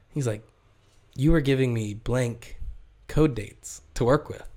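A man's voice: medium pitch, measured pace, long pauses. A man in casual chat, telling stories from the beer trade and acting out quotes with laughter. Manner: storytelling, animated quotes, laughs often. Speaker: brewery sales rep.

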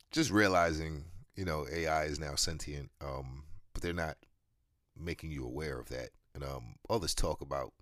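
A man's voice: a bass voice, no echo, clean studio sound. A man hosting a podcast in a loose, profane, rambling monologue, chuckling between phrases. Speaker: podcast host.

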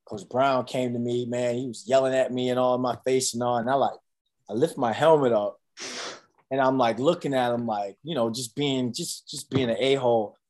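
A man in his thirties who once played college football tells stories in a casual interview, speaking at a moderate pace in a mid-range voice. He's an animated storyteller who acts out quotes and fills his speech with lots of fillers.

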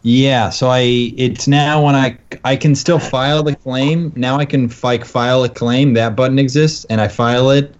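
Guy cohosting a comedy podcast, chatty and animated, muffled lo-fi audio. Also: mid-range voice, moderate pace, few pauses. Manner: animated storyteller, acts out quotes. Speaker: podcast co-host. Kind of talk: casual chat. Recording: dull lo-fi sound.

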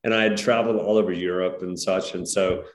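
Guest, middle-aged American man, low voice, easygoing storyteller, roomy echo on the line. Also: fairly quick. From United States. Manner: relaxed, friendly storytelling with "um" and "you know". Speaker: guest entrepreneur. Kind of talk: podcast interview. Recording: echoey room.

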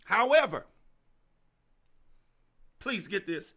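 A man preaching a sermon to a congregation, repeating phrases for emphasis and calling out to listeners by name, swinging between soft and loud. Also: high-pitched, sing-song, drawn-out words, creaky.

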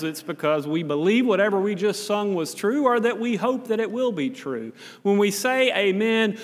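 High-voiced pastor in echoing church. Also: male voice, fairly bright tone. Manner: conversational, folksy storytelling with occasional restarts. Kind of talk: sermon. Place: church sanctuary. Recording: long reverb of a church hall.

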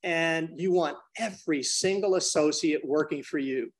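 Man, slightly high voice, energetic business talk, acts out quick dialogues. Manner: addresses the host by name often. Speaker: business consultant and trainer. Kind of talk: podcast interview guest.

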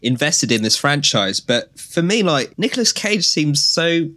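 A man's voice: on the high side, sing-song, unhurried, pushed and bright. A man chatting casually about a film, hesitant with many fillers.

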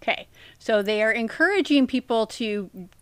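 A woman's voice: on the high side, lively intonation, moderate pace, smooth, no room sound. A woman co-hosting a casual podcast, cracking crude sarcastic jokes and swearing freely. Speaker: podcast co-host.

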